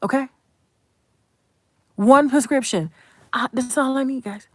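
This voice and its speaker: A woman's voice: high-pitched, measured pace, a little mellow, dry recording. A woman, hosting an unscripted commentary monologue in a blunt, profane, emphatic way and talking straight to viewers. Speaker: commentary channel host.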